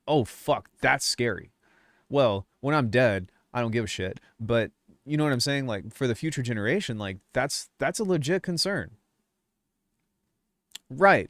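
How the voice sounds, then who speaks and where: A man's voice: medium pitch, no echo, clean studio sound. A young man ranting casually on his music channel, swearing often and rambling through restarts as he gets worked up. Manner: swears a lot, rambling, fired up. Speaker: music producer YouTuber. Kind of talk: casual livestream rant.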